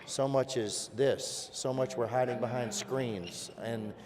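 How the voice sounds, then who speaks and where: A man from Virginia with a softened Southern accent, hosting a casual panel discussion and telling folksy stories with lively asides. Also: mid-range voice, takes it slowly, crowd noise. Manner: folksy storyteller, animated asides.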